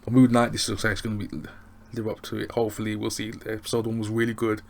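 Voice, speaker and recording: A man's voice: lowish voice, completely flat delivery, quick pace, gravelly, a little mellow. An English man reviewing a show in a loose, rambling, chatty way. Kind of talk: casual review chat.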